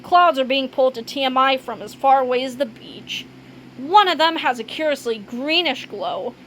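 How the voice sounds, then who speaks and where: High-voiced woman reading a kids' comic aloud. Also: moderate pace, slight background noise, poor audio. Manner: animated, switching between character voices. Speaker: book reader.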